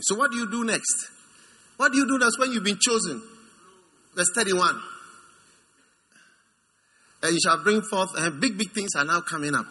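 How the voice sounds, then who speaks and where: With slight background noise present, a man delivers a lively sermon. He voices various figures in put-on tones, alternating between a high, mocking register and a low, intimate one.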